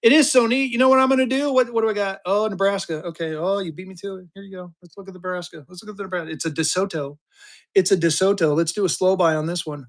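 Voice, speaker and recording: A man in his fifties, from Colorado, hosting a live-stream auction and chatting excitedly with his viewers, cursing now and then. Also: high-pitched, quick pace. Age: 50s. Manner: excitable, chatty, mild cursing, hypes items to chat. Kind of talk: casual live-stream selling.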